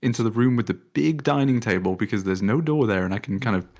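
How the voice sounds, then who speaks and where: A man's voice: lowish voice, lively intonation, fast, darkish tone. A man playing a tabletop game, talking hesitantly and chuckling as he plans each move. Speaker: player. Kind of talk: casual tabletop play.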